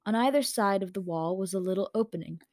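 A woman reads a story aloud at an even middle pitch, casual and now and then stumbling on a word. The home microphone gives a close, dry sound with no room echo. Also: quick pace. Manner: casual, with slips and corrections. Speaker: story reader. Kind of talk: reading her own story aloud.

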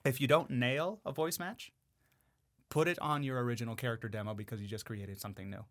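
A man, a voice actor guest on a podcast, talking in a casual, animated way with lots of fillers. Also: medium pitch, brisk. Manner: animated, chatty, full of fillers.

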